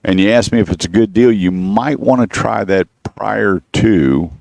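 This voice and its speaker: A man's voice: lowish voice, a little slow, creaky, a little mellow, dry recording. A man hosting a radio talk show, telling stories and acting out both sides of past conversations. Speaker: radio show host, car-buying advisor. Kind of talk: casual radio talk, storytelling with quoted callers.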